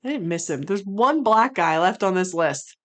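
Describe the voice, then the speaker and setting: A woman streaming casual commentary, swearing freely, sometimes breaking into loud exasperated rants and sometimes rambling thoughtfully with many restarts. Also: mid-range voice, expressive, moderate pace.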